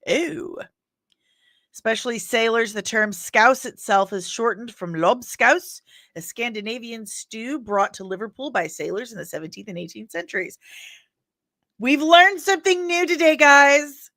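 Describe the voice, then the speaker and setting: A woman's voice: on the high side, normal speed, pushed and bright, dry recording, studio quality. A woman hosting a pop culture news show in a casual, chatty way, reading viewer comments aloud and rambling into personal asides.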